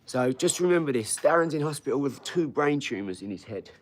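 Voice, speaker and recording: A man's voice: mid-range voice, expressive, fairly quick. A middle-aged man hosting a casual live stream, boastful and chatty as he talks straight to his viewers. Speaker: live stream host and boxer.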